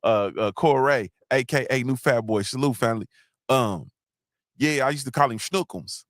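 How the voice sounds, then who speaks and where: A man hosting a casual podcast chat, rambling loosely through stories and shout-outs and often checking in with "you understand what I'm saying.". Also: medium pitch, moderate pace, no room sound, studio quality. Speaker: podcast host.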